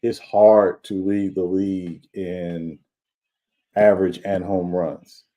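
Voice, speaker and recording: A man co-hosting a sports podcast, explaining baseball in a measured, casual way. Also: low-pitched, level tone, phone-quality sound. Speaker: podcast co-host.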